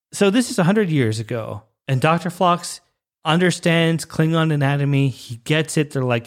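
A man's voice: a little high, animated, normal speed. A man giving casual fan commentary, ranting passionately and with exasperation.

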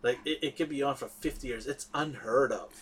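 A middle-aged man hosting a podcast in casual chat, animated, laughing often and trailing off with fillers. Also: medium pitch, brisk, husky. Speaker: podcast host.

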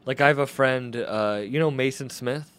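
A man's voice: medium pitch, moderate pace, a bit bright, clear, resonant tone. A man hosting a casual podcast chat, easygoing, asking questions and laughing a lot.

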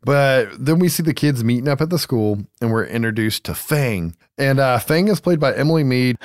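A man's voice: medium pitch, lively intonation, normal speed, no echo, clean studio sound. Man recapping a movie, swearing casually. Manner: loose, swears often, laughs easily. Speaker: podcast co-host.

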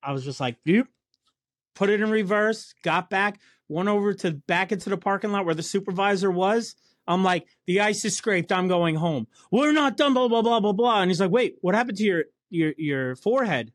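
A man with a high-pitched voice trades blunt, profane work stories in loose, casual chat. The sound is close and dry, with no room around him. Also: normal speed, no room sound. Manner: profane, storytelling, blue-collar banter.

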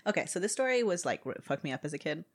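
A woman's voice: lowish voice, quick pace. A young adult woman co-hosting a casual podcast, chatting and then reading a story aloud with lots of ums. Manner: relaxed, hesitant with frequent ums.

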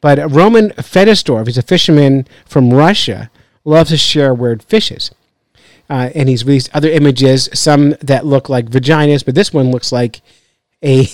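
A man hosts a podcast in a loose, rambling style, cracking jokes and laughing between thoughts. His voice sits at an ordinary middle pitch. The sound is dry and close, with no room around it. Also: unhurried, a little mellow, dry recording. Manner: joking, rambling, laughs often. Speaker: podcast host. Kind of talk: casual chat.

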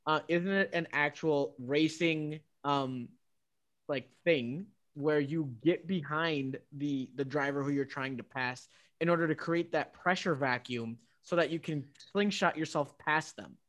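High-voiced man in casual podcast banter. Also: measured pace, a bit bright. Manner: rambling, playful, defensive. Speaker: podcast co-host. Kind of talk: casual chat.

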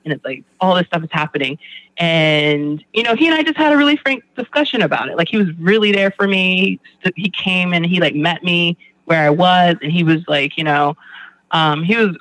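A man's voice: high-pitched, lively intonation, a little fast, fairly bright tone, no room sound, low-quality recording. A man speaking candidly and at length in a conversation about his recovery, rambling and swearing now and then. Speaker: guest in recovery.

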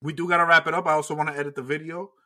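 A man hosts a podcast in casual chat, teasing his guests and laughing along. His voice sits a bit high and sounds bright and forward. His manner stays loose and playful. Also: flat delivery, racing. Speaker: podcast host.

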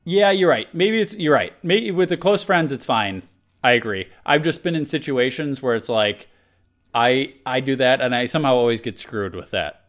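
A man hosts a loose podcast conversation and reads out listener messages. His speaking pitch sits at a comfortable middle. He rambles, circles back and restarts his thoughts in an unhurried, everyday way. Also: a bit bright. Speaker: podcast host. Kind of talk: casual chat.

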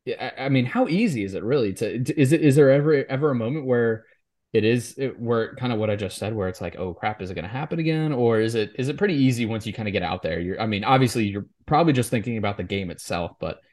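A man co-hosting a high school sports podcast, chatting casually and often restarting his sentences. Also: animated, darkish tone. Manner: halting, with many restarts and repeated words.

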